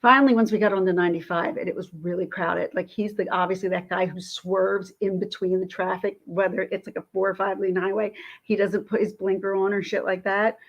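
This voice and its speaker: A woman vlogger telling a story in a casual, indignant and animated way. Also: mid-range voice, dull audio. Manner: indignant, animated, quick talk.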